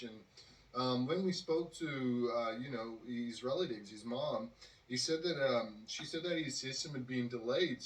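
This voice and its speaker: A man telling a story on a podcast, rambling with lots of fillers. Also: medium pitch. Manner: rambling, with many fillers and acted quotes. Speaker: podcast host. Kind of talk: casual storytelling. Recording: roomy, distant from the mic.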